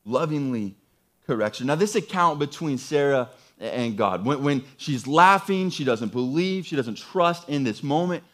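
A man's voice: medium pitch, lively intonation, moderate pace, fairly bright tone. A man preaching a sermon in a conversational, emphatic way, often repeating phrases. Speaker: pastor.

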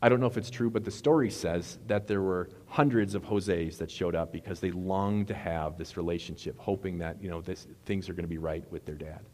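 Man, pastor, conversational sermon, self-correcting, lowish voice, echoing hall. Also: fairly quick, few pauses, a little mellow. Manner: conversational, self-correcting, retells movie scenes. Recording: long reverb of a hall.

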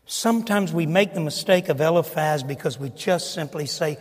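Older high-voiced preacher, echoing church hall. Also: male voice, moderate pace, few pauses, slightly rough. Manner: dramatic swings from booming emphasis to hushed, near-whispered asides. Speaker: pastor. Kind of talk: sermon. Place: church sanctuary.

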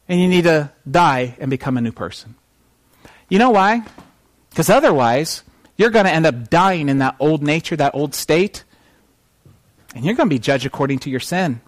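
A man preaching a sermon to his congregation, animated and questioning the room. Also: fairly high pitch, no echo. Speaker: pastor. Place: church service.

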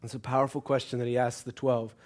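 A man preaching a sermon, asking the congregation questions and joking with them, moving between hushed earnest passages and loud urgent exhortation. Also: mid-range voice, little pitch movement, quick pace. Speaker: pastor.

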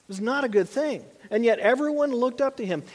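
High-voiced male pastor in a reverberant hall. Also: a little fast. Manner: conversational, repeats and restarts often. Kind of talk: sermon.

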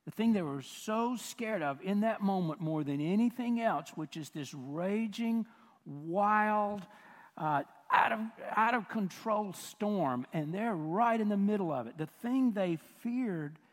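A man's voice: high-pitched, lively intonation, unhurried. A man preaching a sermon as a pastor, talking conversationally, asking the audience questions and repeating phrases. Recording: long hall reverb.

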